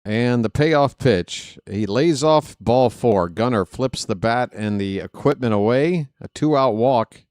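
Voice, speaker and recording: A man doing live play-by-play of a baseball game for viewers, chatty and joking with the chat between pitches. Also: lively intonation, takes it slowly, darkish tone, clear, resonant tone, dry recording, clean studio sound. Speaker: fan play-by-play announcer.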